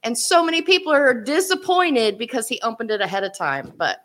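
A chatty woman co-hosts a casual podcast, giggling between her lines. Her voice is bright and fairly high. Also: lively intonation, fairly quick. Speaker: podcast co-host.

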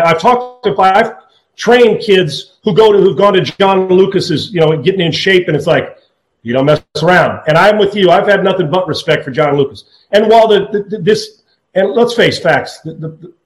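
Blunt, opinionated high-voiced man. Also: animated, echoey room, low-quality recording. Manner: blunt, opinionated, rapid with restarts. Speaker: sports radio host. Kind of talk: sports talk radio.

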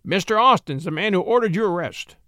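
A man voicing a blustering small-town deputy in a story reading, gruff at first and easily cowed. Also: high voice, lively intonation, brisk, sharp tone, dry recording, clean studio sound. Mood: insistent. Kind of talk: audiobook character voice.

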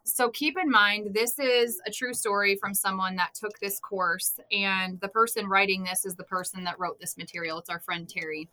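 A woman co-hosting a faith podcast talks in an earnest, animated way. Her voice is bright and ringing, with a mid pitch. She moves between casual chat and reading a long story aloud. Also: normal speed, few pauses, low-quality recording. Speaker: podcast co-host.

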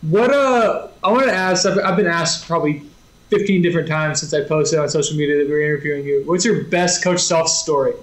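Guy host asking quick questions, high voice, echoey room. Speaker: podcast host. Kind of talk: casual interview questions.

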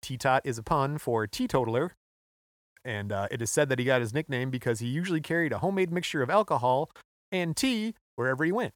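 A man's voice: medium pitch, lively intonation, brisk, no room sound, clean studio sound. A man co-hosting a podcast, retelling a story in an offhand, joking way. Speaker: podcast co-host. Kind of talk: casual chat.

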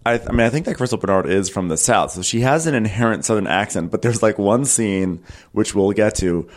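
A man's voice: on the low side, expressive, fairly quick. A man co-hosting a podcast, recapping a film in a rambling, wry casual chat. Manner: rambling, many fillers, wry. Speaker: podcast co-host.

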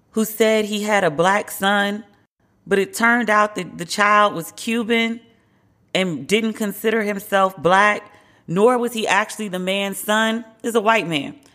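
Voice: medium pitch, fairly bright tone. A podcast host giving casual, candid commentary alone, wry and opinionated, with slangy asides.

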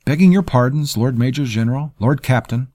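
A man's voice: mid-range voice, brisk, mellow, dry recording, studio quality, voice pushed up, natural voice. A man voicing a common soldier sergeant who speaks with deferential urgency. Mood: urgent.

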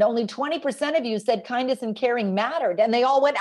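A woman's voice: high-pitched, brisk, few pauses. A woman guest talking about raising boys, telling stories and quoting the kids she interviewed. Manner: energetic storyteller quoting kids and parents. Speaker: guest author on parenting. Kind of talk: animated podcast interview.

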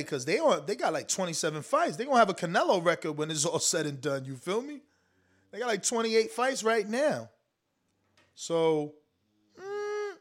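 Animated high-voiced man ranting on boxing. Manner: animated, slangy, emphatic, talks straight to the audience. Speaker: boxing commentary show host. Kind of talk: casual livestream talk reading super chats.

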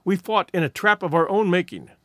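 A man's voice: high-pitched, lively intonation, fairly quick, a bit bright, no room sound, clean studio sound. A man voicing a stout, boastful hunter. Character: stout defiant male hunter.

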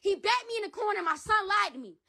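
A woman's voice: very high voice, expressive, very fast, bright, forceful tone. A woman giving an emotional personal account in an interview, heated and repetitive, swearing often. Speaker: interview guest.

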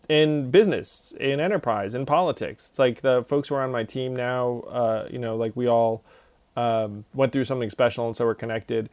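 A man hosting a casual interview, chatting in a relaxed way and laughing along with his guest. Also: medium pitch, clear, resonant tone, dry recording. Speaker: interview host.

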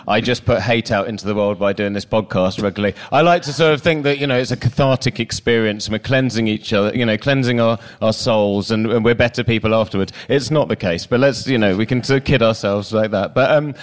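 A man's voice: lowish voice, fast, few pauses. A man hosting a live podcast interview, laid-back and rambling, full of "you know" fillers. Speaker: podcast host.

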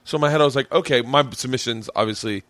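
A man hosting a podcast who rambles along, laughing often and cursing freely. His voice is at a middling pitch and sounds dry and close-miked. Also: racing, a bit bright, no echo. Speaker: podcast host. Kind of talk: casual podcast chat.

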